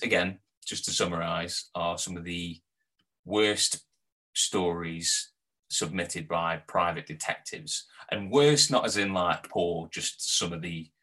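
A man's voice: deep voice, takes it slowly, husky, poor audio. A man co-hosting a podcast, chatting casually and laughing as he tells stories. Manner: laughing, animated storyteller. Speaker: podcast co-host. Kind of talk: casual chat.

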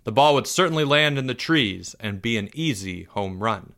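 A man narrates a children's story aloud with expressive delivery. He lowers his voice for suspense. His tone is bright and forward. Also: normal speed. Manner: expressive, drops softer for suspense.

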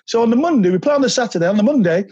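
A man, a podcast guest telling animated anecdotes and slipping into quoted voices. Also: very high-pitched, rapid-fire, slightly rough, dry recording, lo-fi sound. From England. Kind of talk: anecdotal interview storytelling.

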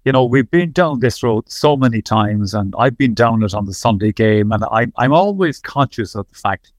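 An Irish man hosts a sports podcast and leads his guests along in a measured, conversational way. His voice sits at a middle pitch. The recording is close and dry. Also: lively intonation, dry recording. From Ireland. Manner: measured, conversational, hedging with fillers. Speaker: podcast host.

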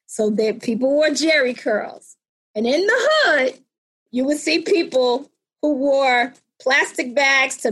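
A woman in her fifties telling a personal story in conversation, animated and acting out the people in it. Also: high-pitched, breathy edge, low-quality recording. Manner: animated, acts out voices in retold scenes.

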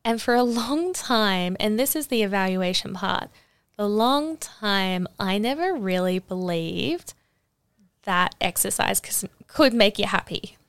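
A young woman hosting her own podcast, talking alone in an animated, emphatic way and often laughing. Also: mid-range voice, unhurried, clear, resonant tone, dry recording. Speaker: podcast host. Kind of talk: solo podcast monologue.

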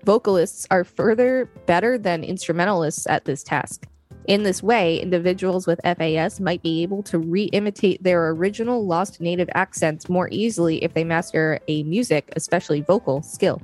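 A woman with a lowish voice co-hosts a podcast, reading facts in a calm, matter-of-fact way. Faint music plays underneath. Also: normal speed. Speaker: podcast co-host. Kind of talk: casual podcast reading and chat.

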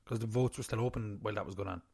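A man's voice: lowish voice, rapid-fire, vocal fry, dark tone, breathy edge. Teasing man co-hosting a podcast. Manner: teasing, chatty, bursts into put-on hype. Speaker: podcast co-host. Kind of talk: casual chat. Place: at home.

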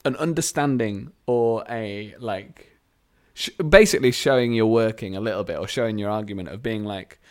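A man in casual chat, talking quickly and rambling, teasing the others. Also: fairly low pitch, clean tone.

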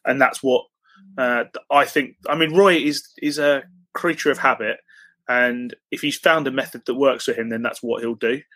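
A man co-hosting a casual football podcast, making his points in a measured, analytical way. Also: mid-range voice, steady tone, fairly bright tone, no echo. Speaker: podcast co-host.

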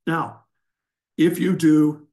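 A man's voice: on the high side, flat delivery, very slow, dark tone. An older man, a wrestling coach and guest, giving blunt, emphatic instruction and telling sarcastic stories in an interview.

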